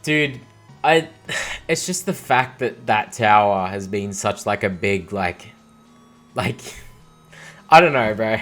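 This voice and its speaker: A young man giving casual commentary on his own gameplay, rambling and excitable, full of "like" and "dude.". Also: fairly low pitch, takes it slowly, long pauses, faint music behind. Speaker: let's play gamer.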